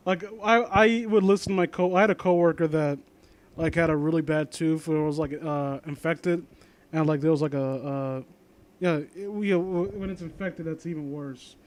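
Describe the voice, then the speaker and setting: Rambling high-voiced young man reading aloud. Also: normal speed. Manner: rambling, sarcastic asides, trails off. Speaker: commentator reading and mocking fan fiction. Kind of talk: casual reading and commentary.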